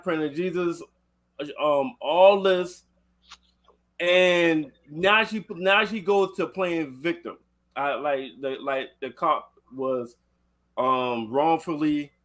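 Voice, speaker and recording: A man's voice: fairly high pitch, a bit bright. A man hosting a casual podcast chat, retelling a video in a loose, rambling way. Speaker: podcast host.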